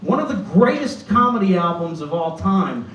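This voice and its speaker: A man, telling a stand-up story in an animated way on a club stage. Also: high-pitched, normal speed, recorded from a distance, muffled recording, a little hiss or hum. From Boston. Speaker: stand-up comedian. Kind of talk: stand-up set. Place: comedy club stage with live audience. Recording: roomy club recorded from afar.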